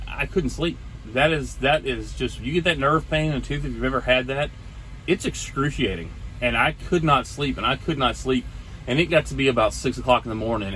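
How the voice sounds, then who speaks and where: A man's voice: medium pitch, slight background noise, low-quality recording. A man in his forties telling a casual vlog story from his truck, acting out the people he talked to. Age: 40s. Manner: animated storyteller acting out dialogue. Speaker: trucker vlogger.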